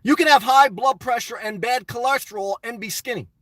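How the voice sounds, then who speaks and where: A man's voice: very high-pitched, fairly quick, a bit bright, no echo, distant mic. A middle-aged man hosting a casual live stream, answering chat in a blunt, opinionated, rambling way.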